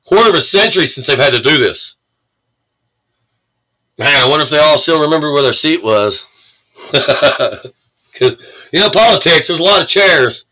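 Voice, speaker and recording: Swearing and sarcastic, a U.S. commentator reacts furiously to the news he reads in a political rant. His voice sits on the high side with a sharp tone and lively intonation, at a moderate pace with frequent pauses, on a rough recording.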